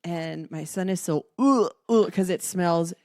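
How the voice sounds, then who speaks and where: A woman's voice: fairly low pitch, measured pace, no echo, studio quality. A middle-aged woman hosting a podcast, telling a family story in casual chat and acting out the voices of the people in it. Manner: animated, acts out quoted family members. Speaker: podcast co-host.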